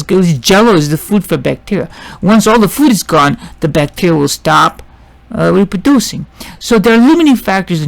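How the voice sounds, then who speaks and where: A man's voice: fairly high pitch, creaky. A man teaching biology in a casual lecture, often restarting sentences, asking himself questions and checking in with his listeners. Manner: halting, with many restarts and rhetorical questions; checks in with "see?" and "right?". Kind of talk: informal classroom lecture.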